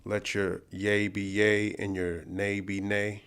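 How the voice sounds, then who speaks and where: A man hosting a livestream who mixes Bible teaching with reactions to news clips. He talks in a preachy way, repeats himself and turns loud and indignant. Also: fairly low pitch, level tone, slow, clean tone. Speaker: livestream host.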